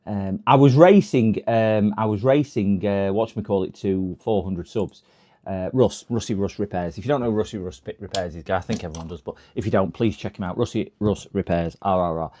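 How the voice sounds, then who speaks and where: A man talks through a live stream from his repair workshop. His voice sits a little low, and his casual chat wanders, full of fillers and restarts. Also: normal speed, warm tone. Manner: rambling, chatty, many fillers.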